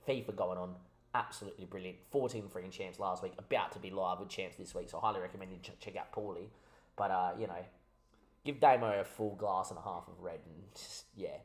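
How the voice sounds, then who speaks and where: A man with a lowish voice gives casual commentary on his football management game, slightly tipsy from wine. He swings between excitable mock match calls and chatty asides.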